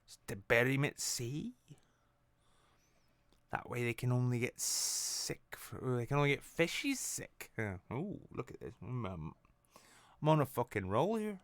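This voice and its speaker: A man's voice: medium pitch, lively intonation, measured pace, long pauses, dry recording. Sarcastic, crude-talking male comedy host. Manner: sarcastic, crude, swears constantly. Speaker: host of a late-night comedy show. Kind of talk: profane satirical news rant. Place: apartment. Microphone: on camera at home.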